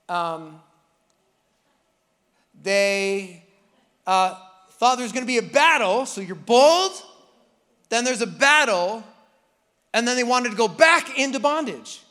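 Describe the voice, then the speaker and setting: A male pastor preaching a sermon in an animated, joking way, acting out people's inner voices. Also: high voice, long reverb tail.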